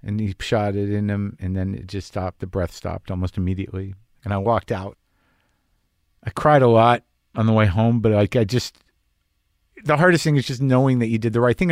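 A man's voice: on the low side, fairly even intonation, moderate pace, no echo, clean studio sound. Grieving man, candid monologue. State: emotional, near tears. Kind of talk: personal monologue.

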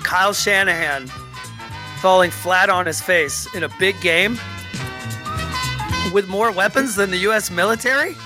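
A man's voice: sits high, unhurried, pauses often, over music. A man co-hosting a casual sports podcast, ranting with lots of restarts and stammers. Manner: animated, ranting, frequent restarts. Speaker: podcast co-host.

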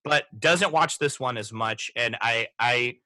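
Bright-voiced, reflective man in his 30s. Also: mid-range voice, no room sound. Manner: reflective, halting with frequent restarts. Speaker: podcast host. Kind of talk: casual movie discussion.

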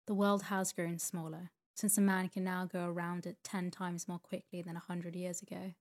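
A woman reading the lines of a hopeful gentleman banker who argues with confident reasoning. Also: lowish voice, level tone, normal speed, close to an everyday voice.

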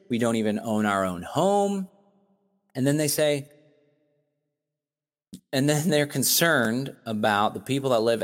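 A man streaming casual commentary while browsing, emphatic and animated, full of exclamations. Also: mid-range voice. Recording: long reverb, echoey room.

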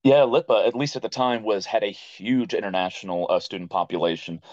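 A US man in his thirties, appearing as a podcast guest, tells stories in a casual interview and acts out other people's quoted lines with animated energy. He talks fairly quickly in a fairly low voice, and the recording is dry, a little dull, and free of echo.

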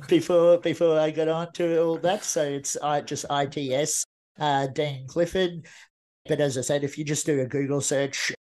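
Reflective man in his forties. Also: fairly high pitch. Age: 40s. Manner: earnest and reflective, with frequent restarts. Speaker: podcast guest. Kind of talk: casual interview talk.

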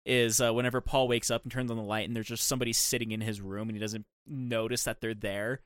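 Young male podcast co-host, rapid casual delivery, dry close sound. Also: medium pitch, level tone, no room sound. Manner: rambling, many "like" fillers. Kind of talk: casual chat.

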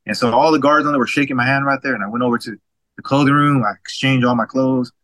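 Fast, bright-voiced man telling his story. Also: mid-range voice, no room sound, poor audio. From Washington State, USA. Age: 40s. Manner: animated, acts out others' quoted lines, frequent stammered restarts. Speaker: guest. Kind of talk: personal storytelling.

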